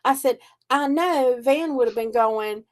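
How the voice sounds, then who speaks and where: A woman's voice: high-pitched, unhurried. An older woman, a psychic reader and host, telling stories in casual chat and acting out the voices of people she quotes. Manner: animated storyteller, acts out quoted voices.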